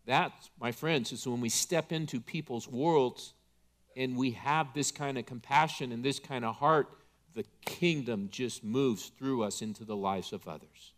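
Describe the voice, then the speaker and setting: A man's voice: medium pitch, unhurried. A male pastor delivering an impassioned, emphatic sermon in church.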